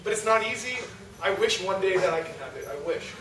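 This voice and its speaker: A young man with a high voice gives a talk to an audience. He keeps it chatty and ends sentences with "right?" He sounds far from the mic in a very echoey, noisy hall. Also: lively intonation, a little fast, fairly bright tone. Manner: conversational, asks the audience, frequent rhetorical "right?". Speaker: lecturer. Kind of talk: religious youth talk.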